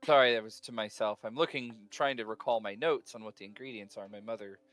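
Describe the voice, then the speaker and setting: A man playing a tabletop game, speaking in a deadpan, somewhat hesitant way. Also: lowish voice, quick pace, faint music behind. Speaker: player. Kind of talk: casual tabletop game chat.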